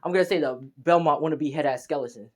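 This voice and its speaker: A man's voice: a little high, fast, a little mellow. Young man rambling through a fan story. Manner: rambling, slangy, many fillers and restarts. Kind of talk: casual fan-story narration.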